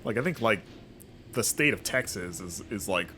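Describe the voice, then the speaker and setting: Over a bit of background noise, a young man from the United States talks through his gameplay in a fairly low, animated voice that's bright and forceful at a moderate pace. A streamer and games critic, he's chatty, quick to laugh, and fond of playful put-on voices.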